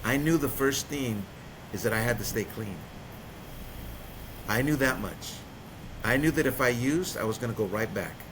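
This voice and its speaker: Man, plain mid voice, heartfelt storyteller, engine rumble underneath. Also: moderate pace, long pauses. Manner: earnest, storytelling, drops quiet at heavy points. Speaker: guest sharing his recovery story. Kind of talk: personal testimony in conversation. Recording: vehicle rumble behind.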